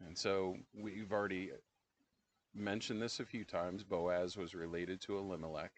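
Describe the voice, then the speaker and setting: A middle-aged man co-hosting a podcast, leading a Bible study in a relaxed, conversational way with frequent pauses. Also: sits low, slight background noise. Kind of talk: casual Bible-study discussion.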